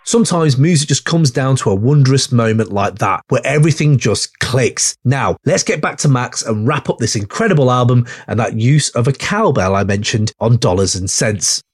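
A man hosting a hip hop podcast, talking in an animated, emphatic way and swearing freely. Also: medium pitch, normal speed, few pauses, breathy edge, dry recording, studio quality. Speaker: podcast host. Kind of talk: casual podcast talk.

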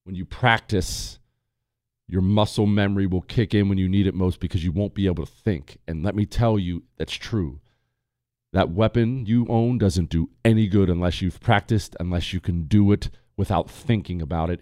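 Male talk host, lively up-and-down delivery, jokey and emphatic, dry close mic. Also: lowish voice, moderate pace, no echo. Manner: joking and emphatic, addressing listeners directly. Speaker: radio talk show host. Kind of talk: casual talk radio monologue.

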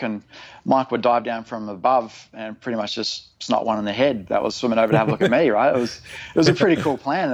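A man tells a long story in easy, rambling chat, breaking into laughter along the way. His voice sits at an ordinary pitch for a man. The recording has a somewhat dull, lo-fi sound.

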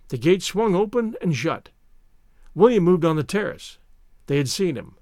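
A man's voice: fairly high pitch, very animated, normal speed, dry recording, clean studio sound. A man reading a short story aloud as narrator, shifting his voice up for the characters' lines.

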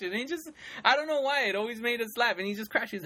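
A man hosting a casual chat about movies, telling scenes in an animated way with lots of fillers and frequent laughter. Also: extremely high pitch, quick pace. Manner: animated storytelling, many fillers, laughs often.

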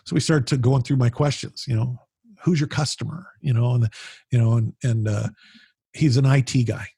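A man being interviewed as a podcast guest, telling animated, rambling stories with frequent restarts and the odd swear. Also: medium pitch, normal speed, gravelly, slightly rough, no echo, clean studio sound. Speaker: podcast guest, founder of a business mastermind group. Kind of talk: casual storytelling conversation.

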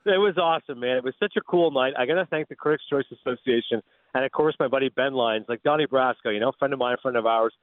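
A man from Canada, a guest broadcaster, telling animated, excitable anecdotes in a rapid-fire radio storytelling style. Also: medium pitch, dry recording. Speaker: guest sports and film broadcaster. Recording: tinny phone-like line.

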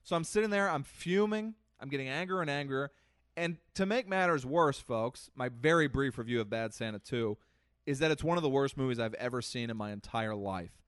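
A man co-hosting a podcast, telling a comic story in a lively, animated way that swings between loud and soft. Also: medium pitch, fairly quick, clean tone, no room sound, studio quality. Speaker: podcast co-host. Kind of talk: casual chat, comic storytelling.

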